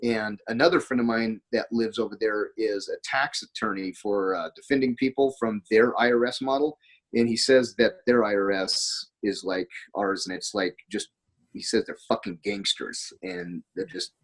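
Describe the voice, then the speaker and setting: A man's voice: fairly low pitch, normal speed, rough recording. A man, a podcast guest, talking in a rambling, anecdotal way during a casual conversation. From United States.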